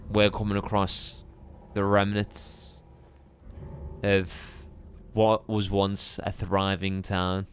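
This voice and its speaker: A man streaming a live game playthrough, chatting with viewers in a relaxed, musing way. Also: on the low side, slow, clear, resonant tone. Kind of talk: live gameplay commentary.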